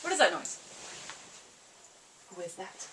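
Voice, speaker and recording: A woman's voice: fairly low pitch, sing-song, measured pace, fairly bright tone, a little hiss or hum. A young woman from America chatting casually to camera about library books, rambling and playfully dramatic. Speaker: book vlogger. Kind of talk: casual book chat to camera.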